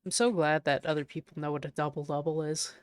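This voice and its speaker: A woman's voice: sits low, fairly even intonation, fast talker, no room sound. A woman with a faint Prince Edward Island accent chatting casually with her stream chat, playful and repeating words to test how she says them. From Prince Edward Island, Canada. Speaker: art streamer.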